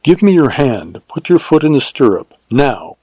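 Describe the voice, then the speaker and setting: A steady, bold young Texas ranger with a husky, earnest delivery, as a man reads him. The voice is low and mellow, recorded dry and close. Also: normal speed, no echo.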